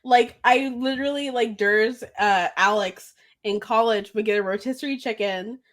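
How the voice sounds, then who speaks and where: A woman's voice: a little high, moderate pace. A woman co-hosting a podcast in casual chat, rambling and giggling and tripping over words. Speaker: podcast co-host.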